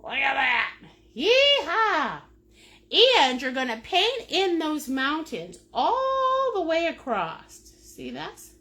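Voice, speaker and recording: A woman's voice: sits high, huge pitch swings, slow, sharp tone. A middle-aged woman teaching a live painting lesson in a playful, silly way, greeting viewers by name and laughing often. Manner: laughs often while talking. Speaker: painting instructor.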